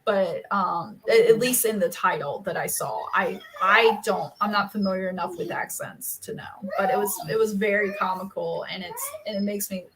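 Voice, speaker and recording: A woman's voice: mid-range voice, animated, normal speed, few pauses, fairly bright tone, slight background noise, rough recording. A woman co-hosting a casual live writing stream from home. She chats freely, laughs often and breaks off to scold her dogs. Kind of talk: casual chat.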